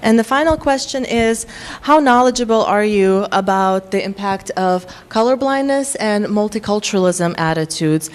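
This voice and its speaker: A woman's voice: medium pitch, expressive. Woman with faint Russian accent presenting. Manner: frequent ums, measured explanatory tone. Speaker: workshop presenter. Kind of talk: lecture to faculty.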